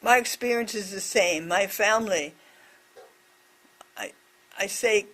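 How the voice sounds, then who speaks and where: A woman voicing a deaf presenter's signed reflection on a scripture story, speaking in short, measured phrases. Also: medium pitch, a bit bright.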